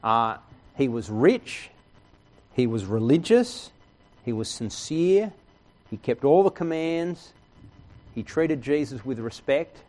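A man's voice: mid-range voice, very animated, slow pace, long pauses, a little mellow. A man preaching a sermon in an earnest, conversational way, often checking in with his listeners. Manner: earnest, conversational preaching with frequent "right?" asides. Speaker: pastor.

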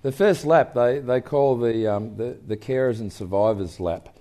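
Older man, mellow warm voice, animated storyteller, stage interview guest. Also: mid-range voice, moderate pace. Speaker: guest speaker.

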